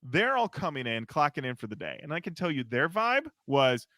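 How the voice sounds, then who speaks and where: A man co-hosting a podcast, telling a story in a lively, animated way. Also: a little high, a little fast, dry recording, studio quality. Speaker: podcast co-host. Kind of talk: casual chat.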